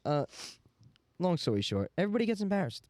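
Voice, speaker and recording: A young man co-hosting a podcast, chatting casually with friends and reacting with quick banter. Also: high voice, very animated, darkish tone, no echo. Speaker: podcast co-host. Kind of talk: casual chat among friends.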